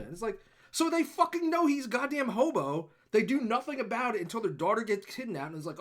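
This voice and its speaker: His voice is very high and he moves at a quick pace as he co-hosts a casual movie review podcast. The man swears, rants animatedly, and acts out the characters' lines while retelling the plot.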